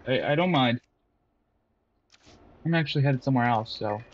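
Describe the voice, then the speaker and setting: A man with a medium-pitched voice comments on his own horror gameplay at a normal speed, the sound lo-fi. He talks to himself, panics and lets out yelps at scares, and taunts enemies, jumpy throughout.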